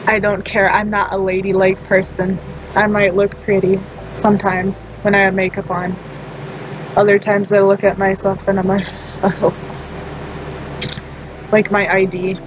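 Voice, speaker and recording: A woman's voice: medium pitch, completely flat delivery, moderate pace, lo-fi sound, background noise. A woman in her twenties rambling through a casual personal story, laughing often and poking fun at herself. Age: 20s. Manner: laughs often, self-deprecating. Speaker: storytime vlogger.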